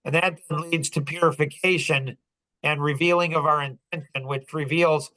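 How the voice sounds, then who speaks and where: A man hosting a business podcast, telling a story in casual talk, animated and laughing often as he acts out dialogue. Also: fairly high pitch, normal speed, poor audio. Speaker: podcast host.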